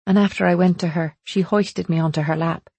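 In a close, dry recording free of room sound, a woman reads an audiobook narrative in the first person. Her delivery is measured and steady, and her voice is lowish, husky and dark.

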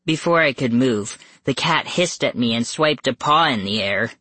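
An audiobook narrator reading a first-person spooky story slowly and suspensefully. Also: mid-range voice, animated, pushed and bright, dry recording. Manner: slow, measured and suspenseful, rising tense at scary moments. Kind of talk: first-person scripted horror narration for young readers.

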